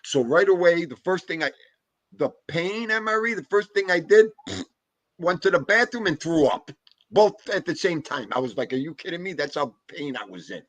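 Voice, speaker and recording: A man's voice: a little high, normal speed, dry recording. A man hosting a casual chat, telling dog stories in an emphatic, slangy way. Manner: animated, emphatic storytelling with street slang. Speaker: host.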